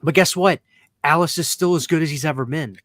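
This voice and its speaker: A man's voice: on the high side, fairly quick, fairly bright tone, dry recording. A man hosting a podcast in casual chat, ranting bluntly and emphatically with plenty of profanity. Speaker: podcast host.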